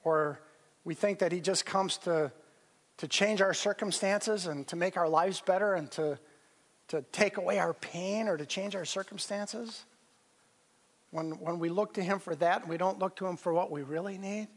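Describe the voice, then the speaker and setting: A man preaching a sermon as pastor, earnest and storytelling with pauses and restarts. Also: high voice. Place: church sanctuary. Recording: long reverb of a church hall.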